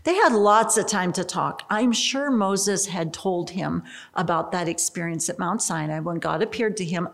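Expressive woman teaching the Bible. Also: medium pitch. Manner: expressive, emphatic, with rising exclamations and asides.

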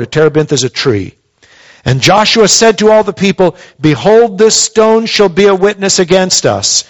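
A man's voice: on the high side, dull audio. A man preaching a sermon, reading scripture aloud and explaining it with emphatic, rising emphasis. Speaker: pastor.

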